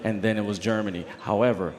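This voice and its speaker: A man co-hosting a live esports show, chatting in an animated, jokey way with frequent restarts. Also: fairly low pitch, quick pace, long reverb tail, slight background noise. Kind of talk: live esports studio chat.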